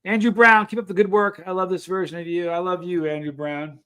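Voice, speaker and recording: A middle-aged man hosts a casual livestream, slightly higher-pitched than most men. He talks to his chat in an earnest, rambling way, restarting his sentences often. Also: little pitch movement, a little fast, a bit bright, clean tone. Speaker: livestream host. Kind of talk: casual chat reading live comments.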